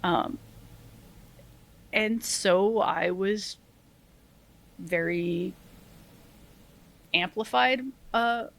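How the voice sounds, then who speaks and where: A middle-aged woman, a retired Army sergeant, telling stories as a podcast guest in a lively, self-deprecating way, laughing often and acting out what people said. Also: mid-range voice, extremely slow, long pauses. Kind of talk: casual interview storytelling.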